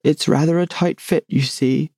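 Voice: mid-range voice, fairly even intonation, moderate pace, gravelly, warm tone, no room sound, clean studio sound. A storybook reader voicing a grave, muddled old knight who rambles proudly about his own inventions. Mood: earnest. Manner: grave, rambling, self-satisfied.

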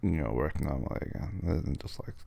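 Man, boyfriend role-play monologue, numb swollen mouth, slurred mumbling, whiny, deep, mellow tone. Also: expressive, quick pace, vocal fry, husky. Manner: whiny, complaining. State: numb, swollen mouth after dental work. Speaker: boyfriend talking to partner.

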